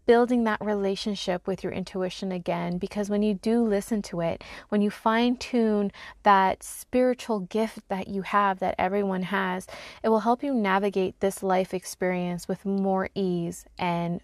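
A woman hosting her own podcast as an intuition coach, talking in a calm, earnest and encouraging way. Her voice sits at an ordinary middle pitch. It is recorded close and dry, with no room sound. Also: normal speed, no echo. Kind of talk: solo podcast talk.

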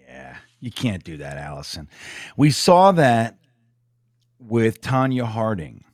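A man's voice: medium pitch, slow pace, no echo. Blunt man co-hosting sports talk, dry sound. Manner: relaxed, blunt, swears casually. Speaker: co-host.

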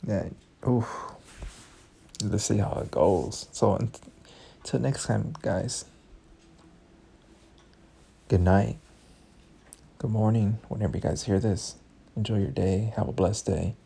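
A man's voice: on the low side, steady tone, slow, vocal fry, pauses often, mellow, husky. A young man hosting a podcast, telling his breakup story candidly and emotionally, swearing often. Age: young adult. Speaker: podcast host. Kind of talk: casual storytelling.

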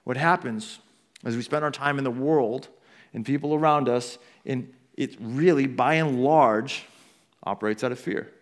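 A pastor preaching a sermon, telling the story animatedly and talking casually to the congregation. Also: male voice, a little slow. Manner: animated storytelling, acting out quotes with big swings in pitch and volume; conversational asides to the congregation.

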